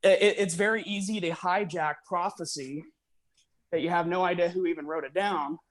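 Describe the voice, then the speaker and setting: A man's voice: high-pitched, fairly even intonation, moderate pace, no echo. A man talking casually on a call, rambling with lots of fillers and restarts, a little out of breath from walking. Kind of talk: casual conspiracy chat.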